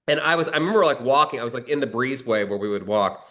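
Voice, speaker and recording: A man's voice: mid-range voice, fast, few pauses. A middle-aged man, a screenwriter and actor, telling a long story in a casual interview and acting out the dialogue in it. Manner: animated storyteller, acts out quoted dialogue in a raised voice.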